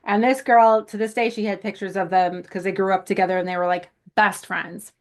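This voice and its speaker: Brisk and level in tone, this woman's mid-range voice belongs to a podcast co-host from South Buffalo, New York. She's a rambling storyteller in casual chat, laughing often and swearing casually.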